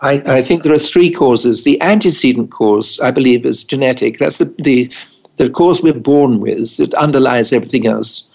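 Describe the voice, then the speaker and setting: An older family doctor from England, who also specializes in addiction, shares wry interview anecdotes and acts out the conversations. His voice is mid-range, creaky and a little mellow, at a moderate pace, on a rough recording.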